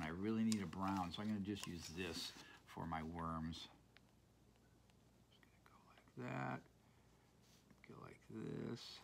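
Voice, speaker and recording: A man's voice: sits low, creaky, a little hiss or hum. A man giving a casual, playful drawing tutorial, chatting to viewers as he colors with markers and pencils. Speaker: art teacher.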